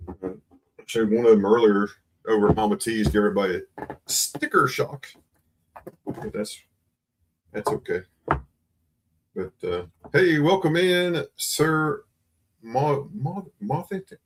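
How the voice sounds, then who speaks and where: A man's voice: on the low side, a little hiss or hum. A man hosting a casual live-stream coin sale, greeting viewers by name over and over in a chatty way. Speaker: livestream host selling coins.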